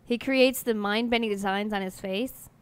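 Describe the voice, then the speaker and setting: A woman's voice: mid-range voice, normal speed, smooth. A woman co-hosting a casual radio talk show, showing videos with enthusiasm. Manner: enthusiastic, presents online videos.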